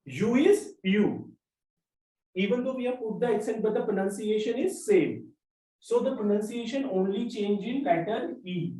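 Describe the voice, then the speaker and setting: A man's voice: high voice, moderate pace, warm tone. A man teaching a class, explaining step by step and spelling out letters one at a time. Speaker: French teacher. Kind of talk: classroom lesson. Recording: roomy echo, mic at a distance.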